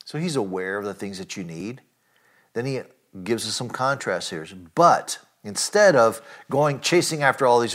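A man preaching a sermon, earnest and emphatic, often asking his listeners direct questions and filling pauses with "uh" and "you know". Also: medium pitch, lively intonation, fairly bright tone. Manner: earnest preaching with rising emphatic lines and frequent fillers. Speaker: pastor.

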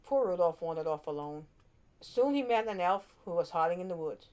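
A woman reads a children's storybook aloud in an expressive way, with small slips and restarts. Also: lowish voice, a little fast.

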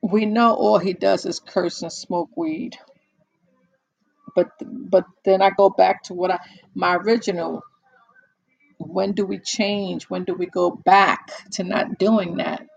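A woman's voice: fairly low pitch, fairly even intonation, slow pace, vocal fry, poor audio. An older woman hosting a casual monologue, telling stories in a blunt, exasperated way with many restarts.

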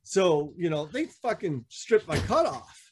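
A man's voice: sing-song, measured pace, a little hiss or hum. A man, a veteran motorcycle club member on a podcast, telling stories casually, swearing often and acting out what others said. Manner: profane, acts out quoted dialogue with shifting pitch. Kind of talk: casual storytelling.

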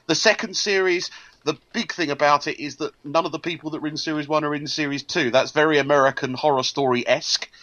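A man in his thirties co-hosting a casual TV chat podcast, with dry, deadpan asides. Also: a little high, brisk, no echo. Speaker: podcast co-host.

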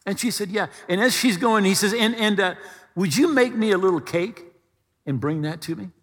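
A man preaching a sermon, retelling a story in an animated way and acting out the voices. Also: sits high, normal speed, breathy edge, long reverb tail. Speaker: pastor.

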